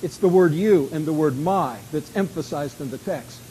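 A man preaching an expository sermon in an emphatic way, with dramatic swings between soft and loud. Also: fairly high pitch, fairly quick, a little hiss or hum, rough recording.

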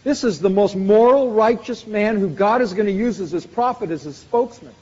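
A man preaches at a brisk pace, his fairly high voice carrying a darkish tone. He leans on repeated phrases for an emphatic, repetitive preaching rhythm. The muffled, dull sound is trailed by the long echo of a big hall.

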